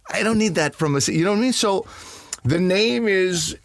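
A man chatting as a guest, telling lively stories about his family and his name. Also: high voice, moderate pace, gravelly, no echo, clean studio sound. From Pakistani family. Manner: animated, acts out other people's voices. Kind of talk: conversational storytelling.

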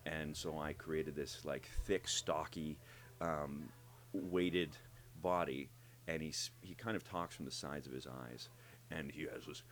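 A man who works as a voice actor, talking in an interview and explaining how he builds his characters, animated and demonstrating as he goes. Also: very deep voice, measured pace. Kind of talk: interview conversation.

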